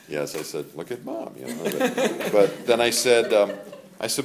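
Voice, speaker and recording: A man's voice: medium pitch, wildly swooping pitch, normal speed, gravelly, crowd noise. An older man giving faith-based parenting advice in a rambling, casual way, laughing as he tells family stories.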